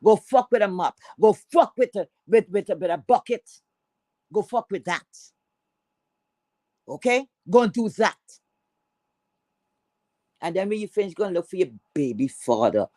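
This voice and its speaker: A Caribbean-accented woman on a livestream, ranting with heavy cursing. Her voice swings between loud outbursts and low grumbles, and she hammers the same phrases again and again. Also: big pitch swings, normal speed, long pauses. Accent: Caribbean English. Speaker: livestream host. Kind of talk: heated livestream rant.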